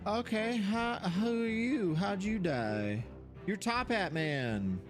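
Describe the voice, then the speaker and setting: An animated streamer, thinking aloud while playing a game, voice jumping up high when surprised. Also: takes it slowly, music in the background. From Seattle area, USA. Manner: animated, puzzling things out, sudden jumps to high pitch.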